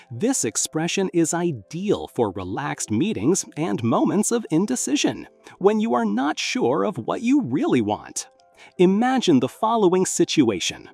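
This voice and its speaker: Husky, animated English lesson narrator. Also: medium pitch. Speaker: English teacher. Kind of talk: scripted narration.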